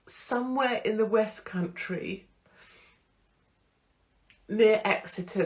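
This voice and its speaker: A woman's voice: medium pitch, drawn-out words, long pauses. Blunt, chatty woman host. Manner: blunt, chatty, swears freely. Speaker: online show host. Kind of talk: casual unscripted monologue to followers.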